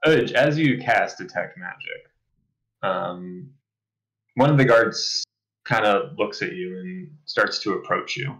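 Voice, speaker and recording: A man with a fairly low voice runs a tabletop game as game master. He asks his players dry, pointed questions about what their characters did. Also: takes it slowly, fairly bright tone, poor audio.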